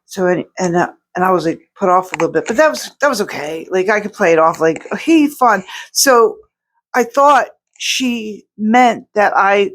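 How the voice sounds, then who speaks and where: A woman's voice: medium pitch, lively intonation, moderate pace. A woman artist chatting to her viewers at home in a rambling, casual way, full of restarts and fillers. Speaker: outsider artist vlogger. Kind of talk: casual chat to camera.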